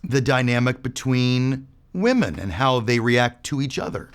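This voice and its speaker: A man's voice: mid-range voice, lively intonation, a little slow, smooth. A man interviewing guests in a playful, joking casual chat.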